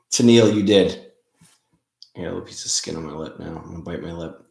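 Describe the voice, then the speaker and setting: A man hosting a casual live stream, chatting in a relaxed way and greeting viewers by name. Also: sits low, normal speed, vocal fry. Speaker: livestream host. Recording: roomy, echoey room sound.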